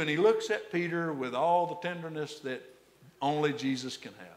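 A man preaching a sermon as a pastor, animated, repeating words as he builds and then dropping to a hush for emphasis. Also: fairly high pitch, a little fast. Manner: animated, repeats words when excited, drops to hushed tones for emphasis.

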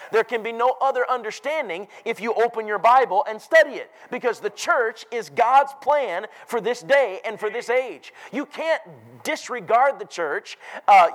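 A man preaching a sermon, emphatic and rising to loud declarations. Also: very high-pitched, poor audio.

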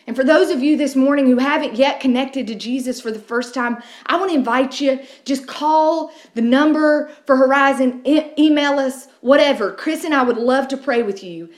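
Woman pastor, sermon, slightly high voice, echoey room. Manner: conversational storytelling with frequent restarts. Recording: roomy echo.

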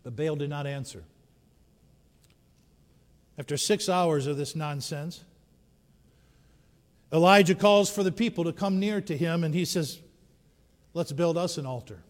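A high-pitched man preaches a slow, unhurried sermon that swings between shouted climaxes and near-whispers. His voice rings through a church sanctuary with a long echoing tail. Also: steady tone. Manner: dramatic storytelling, swinging from shouts to hushed tones. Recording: long reverb of a large hall.

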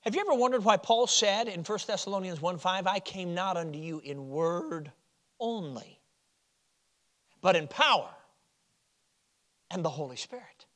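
A man from Chicago preaching a sermon, moving from loud stressed phrases to quiet, low drops. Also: animated, moderate pace, long pauses. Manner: swings from loud emphasis to quiet drops, with chuckles.

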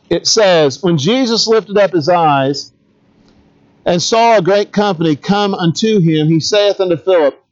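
A middle-aged pastor preaches a conversational sermon, putting questions to the congregation and tossing in humorous asides. His voice sits high, and the sound is lo-fi.

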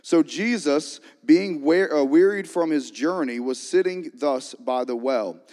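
A pastor delivers a lively, call-and-response sermon in a church sanctuary. His voice sits a little higher than most men's, and a long reverb trails each phrase through the large hall. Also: measured pace. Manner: energetic call-and-response preaching.

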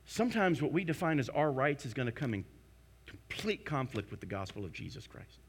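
A man preaching a sermon to a congregation, emphatic, swinging between loud declarations and hushed asides. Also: medium pitch, sing-song, a little fast, slightly rough. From United States. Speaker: pastor.

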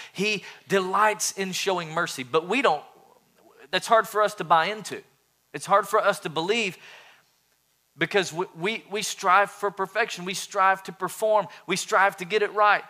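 A man preaching a sermon as a pastor, animated, with jokey asides and quick impressions of churchgoers. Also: fairly high pitch.

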